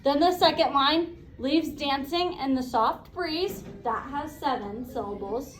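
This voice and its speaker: A woman teacher leading a classroom lesson, brisk and encouraging, asking the class questions. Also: high voice, echoey room, recorded from a distance, faint music behind, poor audio.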